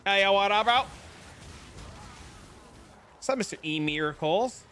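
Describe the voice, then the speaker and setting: Animated, swearing male game streamer. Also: high-pitched, unhurried, a little hiss or hum. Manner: animated, profane, chatty with viewers. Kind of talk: casual gaming livestream chat.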